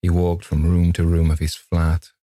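A man narrating a ghost story in a measured, grave manner. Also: sits low, monotone, warm tone, dry recording. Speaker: audiobook narrator.

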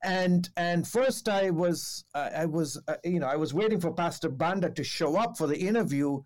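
At a moderate pace and in a slightly mellow voice, a male television reporter tells a story during a relaxed podcast conversation. He uses plenty of fillers and restarts, acting out quoted dialogue with a lifted pitch.

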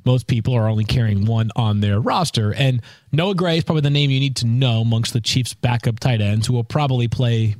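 A man hosting a casual sports podcast, talking in an animated, storytelling way with exasperated asides. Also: medium pitch, dry recording. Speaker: podcast host.

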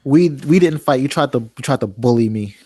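A calm, even-tempered man co-hosting a wrestling podcast, speaking in a laid-back way. His voice sits at a mid pitch and is recorded dry and close. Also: a little fast, no echo. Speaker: podcast co-host. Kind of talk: casual wrestling podcast chat.

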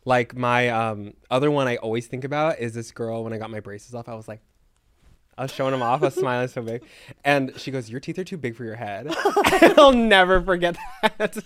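A young man hosting a casual podcast chat, animated and quick to laugh, with loud swings in his voice. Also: medium pitch, clear, resonant tone. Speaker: podcast host. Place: campsite set.

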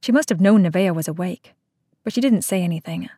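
A woman narrating an audiobook in a steady, unhurried, somber read on a close mic. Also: lowish voice, dry recording.

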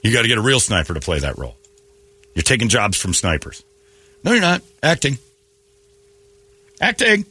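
A man's voice: on the low side, huge pitch swings, fairly quick, bright, forceful tone, slightly rough. A man hosting a morning radio show, ranting bluntly and joking in opinionated banter.

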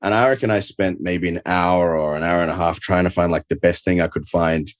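Deep aussie guy from adelaide, laid back chatty interview talk, lots of likes and ums. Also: fairly even intonation, fairly quick, no echo, clean studio sound. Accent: Adelaide Australian. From Australia. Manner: easygoing, rambling, lots of filler words. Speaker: guest, professional wrestler. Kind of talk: casual interview chat. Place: at home.

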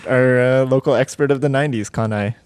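A man's voice: mid-range voice, fairly quick, a little mellow, smooth, dry recording. A man co-hosting a casual chat, tossing in jokey asides.

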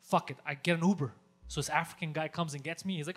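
A Greek man, a stand-up comedian, telling a story in casual chat, animated and profane, acting out shouted lines. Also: on the high side, rapid-fire. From Greece.

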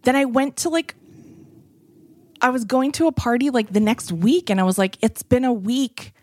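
A woman's voice: a little high, expressive, normal speed, a little mellow, dry recording. A woman in her forties in casual conversation, telling a story with lots of "like" fillers and acted-out quotes. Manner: chatty, many "like" fillers, acts out quoted speech.

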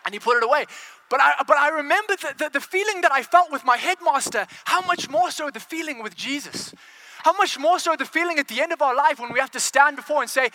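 A man's voice: very high voice, a little fast, bright, forceful tone. A man preaching a sermon, firing rhetorical questions at the congregation and repeating words as he builds momentum.

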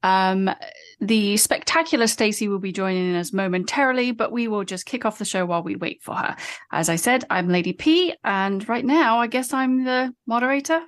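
A woman's voice: mid-range voice, normal speed. A woman hosting a casual style chat show, introducing her co-hosts in a playful, upbeat way. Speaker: host and moderator.

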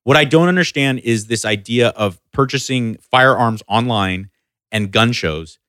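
A man's voice: medium pitch, unhurried, a bit bright, no room sound, studio quality. A man co-hosting a casual podcast chat, giving earnest opinions and swearing casually.

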